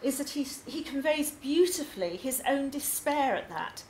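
A woman's voice: high-pitched, lively intonation, normal speed. An English woman presenting her poetry course to a group, enthusiastic and chatty with frequent ums. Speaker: poetry tutor. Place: labour club hall. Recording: echoey hall, faint noise.

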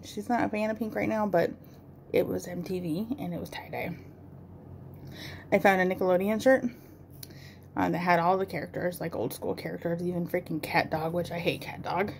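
Woman, 30s, home makeup vlogger; chatty rambler with a gravelly edge, faint hiss behind. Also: fairly low pitch, steady tone, moderate pace. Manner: rambling, chatty, swears casually. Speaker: beauty vlogger. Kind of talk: casual rambling chat while doing makeup.

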